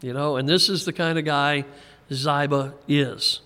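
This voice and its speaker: A man teaching a Bible passage verse by verse, in a relaxed conversational way with frequent chuckles and small restarts. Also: fairly high pitch, a little slow, clean tone. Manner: conversational, chuckles often, repeats words when restarting. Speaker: pastor. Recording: long hall reverb.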